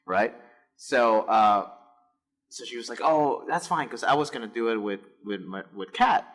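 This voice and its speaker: A man's voice: on the low side, normal speed. A man in a casual podcast chat, telling a story with lots of swearing and getting worked up. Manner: profane, animated, gets worked up. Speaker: podcast host.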